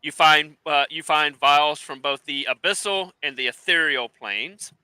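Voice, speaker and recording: A man runs a tabletop game as dungeon master, narrating the scene in a bright, smooth, ringing voice. He halts and restarts often as he describes what the players find. The recording is dry and close. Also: fairly high pitch, dry recording. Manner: halting, full of fillers and restarts while describing scenes.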